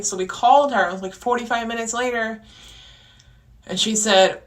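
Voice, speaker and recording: A woman hosts a casual podcast and vents in a rambling, frustrated way, often restarting her sentences. Her voice is bright and a little sharp, and her pitch sits in the middle. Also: normal speed. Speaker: podcast host. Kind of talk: casual venting monologue.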